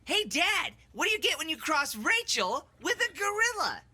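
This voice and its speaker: A woman's voice: very high voice, sing-song, normal speed, pushed and bright, exaggerated voice. A woman voicing a cheeky young boy who tells jokes, teasing in manner.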